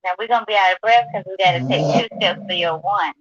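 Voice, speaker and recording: A woman in a casual chat, lively and joking, laughing often. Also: mid-range voice, quick pace, no echo, dull audio. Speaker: chat room participant.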